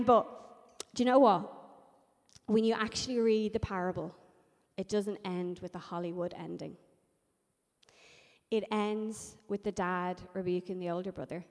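Brief: a woman preacher, mellow and conversational, recorded in a reverberant hall. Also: mid-range voice. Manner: conversational, animated storytelling. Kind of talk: sermon.

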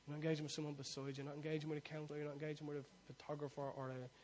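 A man pastor preaching a sermon, swinging from soft confiding asides to loud shouted prayer lines for the congregation to repeat. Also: on the high side, flat delivery, racing, a little hiss or hum. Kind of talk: sermon with call-and-response prayer.

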